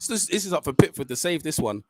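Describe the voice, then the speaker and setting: Tense fan, swinging pitch. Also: male voice, sing-song, fast, dry recording, faint music behind. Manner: swearing, tense, swings between muttering and shouting. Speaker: football fan reacting live. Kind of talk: live watch-along reaction.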